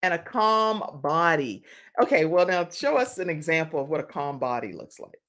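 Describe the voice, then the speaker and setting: A woman hosts a talk show with a playful, lively manner, laughing often with her guest. Her voice sits fairly low for a woman, and it swings up and down a lot as she talks. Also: normal speed.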